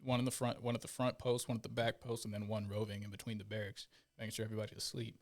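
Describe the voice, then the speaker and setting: A man's voice: lowish voice, flat delivery, racing. A man telling stories in casual podcast chat, acting out the voices of the people he quotes. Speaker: podcast guest, former Marine.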